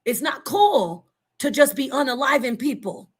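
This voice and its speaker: A woman in her fifties from Phoenix with a slightly high voice speaks heatedly as a forum panelist. She is emphatic and combative and curses freely. Her speech rambles, with phrases repeated and restarted. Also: animated, normal speed, slightly rough. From Phoenix, Arizona, USA. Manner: emphatic and confrontational, swears freely. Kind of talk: heated opinion talk.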